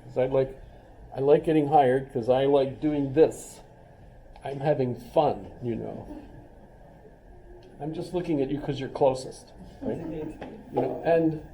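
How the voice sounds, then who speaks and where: This is a casual classroom lecture from a middle-aged man who teaches philosophy at a college; he rambles chattily and tosses in jokes. His voice is fairly high-pitched and warm. Recorded at a distance in a roomy classroom, there's a little hiss or hum.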